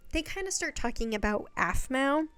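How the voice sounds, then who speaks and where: Chatty young woman, slightly high voice. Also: expressive, normal speed, fairly bright tone. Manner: chatty, swears, rhetorical questions. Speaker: video essayist. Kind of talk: casual recap monologue. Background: faint background music.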